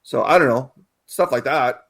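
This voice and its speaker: A man's voice: medium pitch, moderate pace, gravelly, fairly bright tone. A man from Canada, a guest researcher, talking casually in an interview, rambling with many fillers and restarts.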